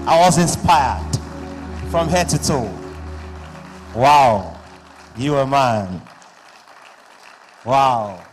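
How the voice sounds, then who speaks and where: A man with a Nigerian accent acting as master of ceremonies at a live conference, loud and playful, slipping into pidgin asides. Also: medium pitch, expressive, extremely slow, long pauses, faint music behind. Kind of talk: live event hosting. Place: large conference hall. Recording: echoing hall through PA.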